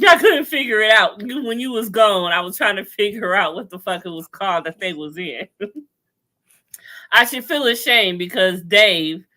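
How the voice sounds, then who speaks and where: A woman hosting a casual chat over a video call, talking in an animated, sassy way with lots of slang and laughter. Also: medium pitch, normal speed. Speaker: podcast host recapping a TV show.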